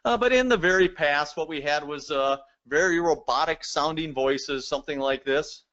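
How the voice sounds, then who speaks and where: A man's voice: a little high, normal speed, fairly bright tone, highs cut off. A man giving a recorded lecture, explaining step by step and addressing the viewers directly. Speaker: presenter.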